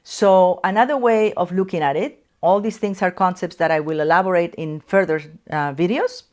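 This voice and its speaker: A middle-aged woman with a Spanish accent teaches from her office chair, her voice sitting fairly low. She explains in a measured, patient way and slows on the key terms. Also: darkish tone. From Spain. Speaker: psychoanalyst. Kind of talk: educational talk to camera.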